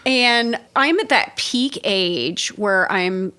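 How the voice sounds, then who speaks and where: A woman in her forties, an interview guest, telling a funny story in an animated, laughing way and swearing freely. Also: mid-range voice, slow, smooth.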